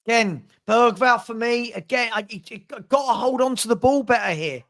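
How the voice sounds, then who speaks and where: High-voiced exasperated man commentating. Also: moderate pace, a bit bright. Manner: exasperated, blunt running commentary; reads out and answers viewer comments. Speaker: fan watchalong host. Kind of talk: live match commentary and chat. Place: at home with a dog.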